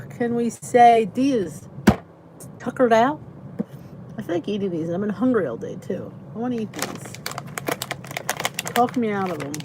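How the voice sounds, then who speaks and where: A woman's voice: medium pitch, noisy background. A tired, chatty woman hosting a casual livestream from her basement, greeting viewers by name and laughing often. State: tired, yawning. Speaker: channel host. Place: basement by a heater.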